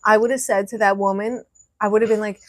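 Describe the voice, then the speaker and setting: A woman's voice: mid-range voice, steady tone, fast talker, no echo, clean studio sound. A woman telling a travel story in casual chat, insistent, often repeating "listen" and quoting herself. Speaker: cruise vlogger.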